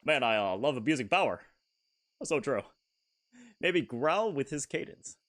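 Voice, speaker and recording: A man's voice: medium pitch, animated, normal speed, fairly bright tone. A man streaming a game in casual chat, self-deprecating and giggly, often stammering and restarting his sentences.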